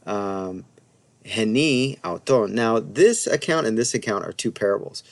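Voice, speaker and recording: A man teaching a casual Bible Greek lesson from his slides, thinking aloud with many fillers and restarts, and reading Greek words slowly and carefully. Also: on the low side, gravelly. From United States.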